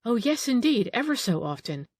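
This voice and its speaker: A woman's voice: a little high, big pitch swings, moderate pace, breathy edge, dry recording, pitched above the performer's own voice. A woman reading an audiobook, voicing an old female housekeeper who grumbles, frets and takes offence easily. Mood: fretful.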